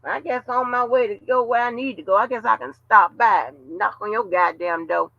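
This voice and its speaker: A man hosting a live stream, loud, taunting and profane as he rants at someone. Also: high-pitched, fairly quick, vocal fry, no room sound. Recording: dull lo-fi dry stream audio.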